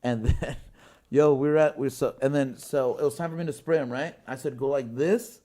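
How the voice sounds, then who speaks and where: A man's voice: medium pitch, steady tone, normal speed, dark tone. A man hosting a podcast, telling a long rambling story in casual chat, swearing often and laughing mid-sentence. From Washington State, US. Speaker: podcast host. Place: podcast studio with guests.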